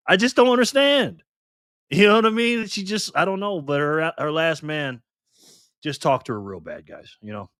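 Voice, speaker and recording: A man's voice: medium pitch, a bit bright, no room sound, studio quality. A man hosting a casual live stream, chuckling and greeting viewers by name as he reads their comments aloud.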